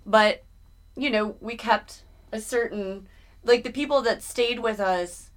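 Relaxed woman musician chatting casually. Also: on the high side, slow. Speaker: musician guest. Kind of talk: casual chat.

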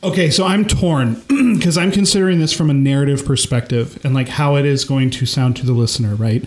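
A man playing in a tabletop game podcast, thinking aloud and laughing as he pitches ideas. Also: fairly quick, reverberant. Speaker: tabletop player. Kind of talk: casual tabletop game chat.

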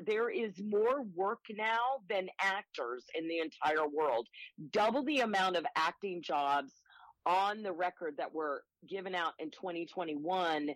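A woman guest, an acting coach, talking enthusiastically and telling quick anecdotes in an interview. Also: fairly low pitch, animated, dry recording, rough recording. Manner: enthusiastic, upbeat, rapid anecdotes. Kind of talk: interview conversation.

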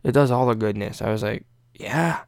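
Casual young male podcast host: rambling, profane, gravelly voice, dry room. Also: lowish voice, steady tone, fast, a little mellow, dry recording. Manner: rambling, profane, many fillers.

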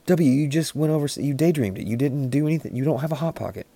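A man in rambling, deadpan comedic banter, riffing with frequent restarts. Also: fairly high pitch, fast talker, creaky, slightly rough, dry recording.

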